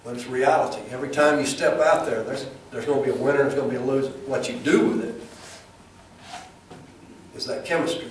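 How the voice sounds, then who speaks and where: A man's voice: mid-range voice, darkish tone. Folksy man in an echoey hall. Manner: folksy, storytelling, plainspoken. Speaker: speaker at a chamber event, former football coach. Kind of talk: folksy motivational speech with jokes. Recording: echoey hall, speaker far from mic.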